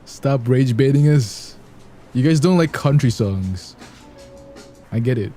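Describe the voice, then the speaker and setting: A man's voice: expressive, takes it slowly, soft background music. A man chatting playfully to viewers, joking around and laughing often. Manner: playful and joking, sings snatches of songs badly on purpose; laughs often, gets loud and high when amused. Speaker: streamer reacting to videos. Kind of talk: casual chat to viewers.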